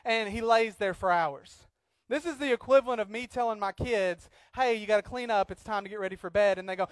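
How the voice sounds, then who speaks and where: A man preaching a sermon as pastor, swinging from loud acted outbursts to quiet earnest talk. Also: high-pitched, brisk, few pauses, no room sound.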